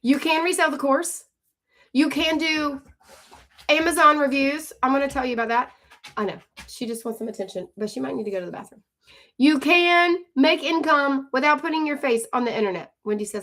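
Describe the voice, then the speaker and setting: A woman hosts a live stream with a high, bright voice. She talks fast and chatty, calls out to viewers by name, and pitches her coaching program. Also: fairly even intonation. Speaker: livestream host and online coach.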